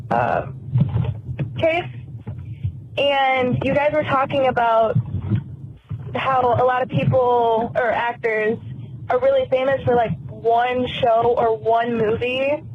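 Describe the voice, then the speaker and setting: Woman, from Michigan, chatty rambling voicemail, muffled phone, faint hiss. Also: on the high side. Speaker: caller leaving a voicemail.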